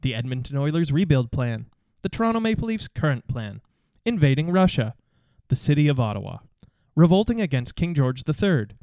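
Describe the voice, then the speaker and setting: A man co-hosting a movie podcast in casual chat, joking and reading a long comic list deadpan. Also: on the high side, brisk, few pauses, no echo. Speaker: podcast co-host.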